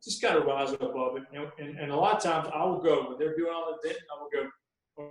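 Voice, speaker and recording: Folksy veteran referee in an echoey room. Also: male voice, a little high, lively intonation, fast talker. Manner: folksy storyteller acting out sideline exchanges. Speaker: basketball referee guest. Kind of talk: podcast interview.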